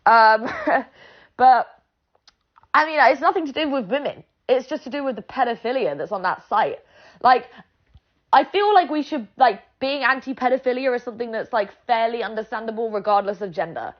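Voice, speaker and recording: A woman's voice: fairly high pitch, animated, normal speed, dull audio. A woman with a British accent ranting bluntly and sarcastically in a vlog, swearing freely. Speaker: vlogger. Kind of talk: ranting monologue.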